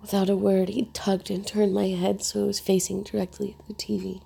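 A woman reads a first-person story in a hushed, intimate delivery. Her voice has a heavy gravelly fry and a husky, breathy edge. The tone is dark and mellow. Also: medium pitch, little pitch movement, brisk. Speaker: narrator.

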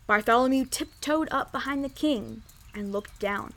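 A woman reading a children's story aloud in an expressive, lively way. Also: high-pitched, moderate pace.

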